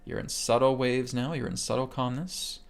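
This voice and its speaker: A man with a gravelly voice leads a live online lesson, steadily talking listeners through breath work. He speaks in an even, flat tone and keeps checking in with "okay?" as he guides them step by step. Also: medium pitch, normal speed. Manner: calm guiding delivery, keeps checking in with "okay?". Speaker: meditation instructor. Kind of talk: live webcast teaching a healing technique.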